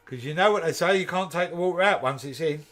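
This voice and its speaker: A fast-talking man with a voice on the high side and a bit bright runs a woodturning channel. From East London with a Kent accent, he works through a live demo, chatting casually, cracking jokes, and answering viewer comments.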